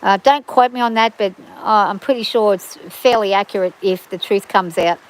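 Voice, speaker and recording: A woman's voice: mid-range voice, moderate pace, low-quality recording. A woman hosting a livestream from her farm, chatting casually and rambling with frequent restarts and fillers. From Australia.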